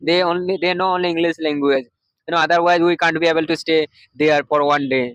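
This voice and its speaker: A man vlogging outdoors on a street, explaining English phrases in a halting way, full of "you know" and "uh". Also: on the high side, steady tone, a bit bright, smooth, dry recording, dull audio. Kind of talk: casual street vlog teaching English. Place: outdoors on a street near a market.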